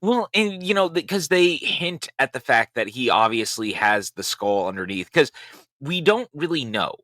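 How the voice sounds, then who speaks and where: A man's voice: medium pitch, very animated, normal speed, pushed and bright, dry recording, clean studio sound. A middle-aged man co-hosting a casual film review podcast, enthusiastic and laughing often. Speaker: podcast co-host.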